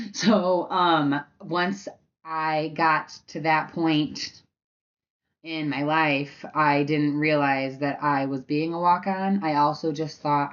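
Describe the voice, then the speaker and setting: A young woman hosting a podcast, candidly telling a personal story in a casual way with lots of fillers, now and then shouting out past arguments. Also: low voice, steady tone, slow, highs cut off. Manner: candid and conversational, full of fillers, acts out past arguments with loud bursts. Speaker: podcast host.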